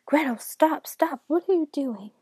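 A woman's voice: on the high side, moderate pace, vocal fry, mellow, breathy edge, no room sound, clean studio sound. A woman voicing a king and father who sounds startled and pleading. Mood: alarmed.

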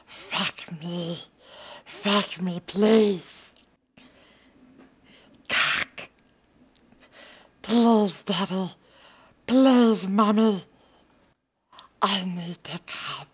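A creepy, hissing male cave creature, put on by a woman for a comic impression. The voice is husky and breathy, and it often sinks into slow, drawn-out whispers. Every line is stretched out at a very unhurried pace. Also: mid-range voice, full character voice.

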